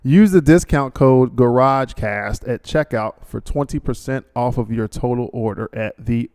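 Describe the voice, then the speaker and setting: Rambling gravelly-voiced man, podcast host. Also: mid-range voice, measured pace, darkish tone. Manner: rambling, full of fillers and asides, ad-libs jokingly. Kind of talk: casual monologue with a read sponsor ad.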